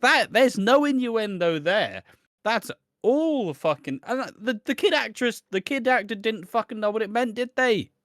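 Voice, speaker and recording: Animated, sweary man. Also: sits high, unhurried, no echo, studio quality. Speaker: podcast co-host. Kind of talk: casual podcast chat.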